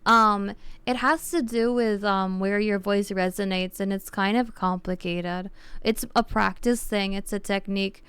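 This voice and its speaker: A woman's voice: medium pitch, steady tone, a little slow, fairly bright tone, clean tone, dry recording. A young woman streaming live, chatting casually with viewers and explaining things in a rambling way full of "like" and restarts.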